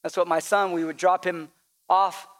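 A man's voice: high-pitched, flat delivery, normal speed, a bit bright. A male pastor preaching a sermon, with call-and-response and repetition that builds to emphatic peaks.

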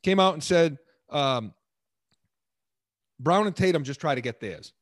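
A man co-hosting a sports talk show, his voice bouncing lively up and down as he argues his point with plenty of stops and restarts. He sits on the high side for a man. The sound is dry and close. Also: measured pace, no echo. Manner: animated, emphatic, many restarts. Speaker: sports radio co-host.

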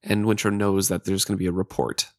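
A man's voice: low-pitched, little pitch movement, fast talker, no echo, studio quality. A man co-hosting a podcast, chatting casually about a novel and reading passages from it aloud. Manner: conversational, explaining plot details. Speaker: podcast co-host.

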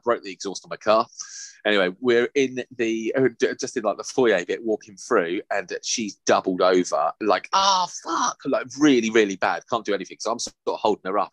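A young man, casually telling a lively, sweary story on a podcast. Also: on the low side, dry recording. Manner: animated, sweary, laughing anecdote-telling. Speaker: podcast host.

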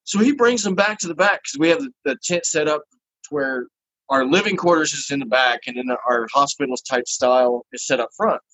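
A man's voice: fairly high pitch, brisk, breathy edge, dry recording, low-quality recording. A man telling a long story in casual chat and acting out the people in it. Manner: animated, acts out the people in his story.

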